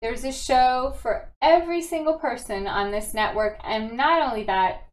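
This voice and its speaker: A woman's voice: a little high, moderate pace, poor audio. A woman co-hosting a podcast in casual, rambling chat, often restarting her sentences. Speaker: podcast co-host.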